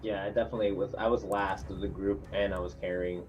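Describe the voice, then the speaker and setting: A male player with a fairly low voice who feels his way through his plans, full of likes and you-knows. Faint music runs behind him. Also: level tone, fast talker, darkish tone, highs cut off. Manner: hesitant, lots of fillers. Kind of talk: tabletop game banter.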